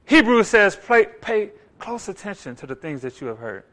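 A man delivers a sermon with a high, bright, ringing voice. He is animated, slipping into little acted-out voices and rising loud to hit his points. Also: moderate pace. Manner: animated, acts out voices, rises loud for emphasis. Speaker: preacher.

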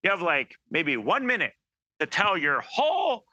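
Animated, bright-voiced male preacher. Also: sits high, moderate pace, no echo, muffled recording. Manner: animated, acts out quoted voices, many restarts. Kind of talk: informal sermon.

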